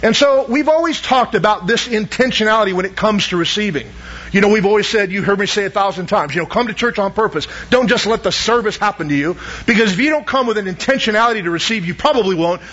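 A male pastor preaching a sermon in a high, husky voice. He talks in a loose, conversational way and keeps turning to the congregation with questions. The recording sounds dull and lo-fi. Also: animated, fast talker, a bit bright.

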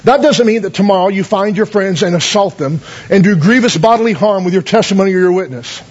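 A man's voice: sits high, lively intonation, quick pace, a little mellow, muffled recording. A man pastor telling stories in a sermon, folksy, with many fillers and calls of amen. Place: church.

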